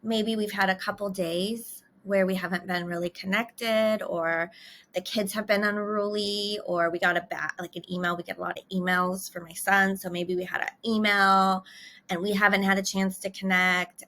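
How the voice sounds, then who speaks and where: A woman's voice: mid-range voice, pushed and bright. A middle-aged woman couples therapist talking casually and candidly to the camera, laughing between phrases.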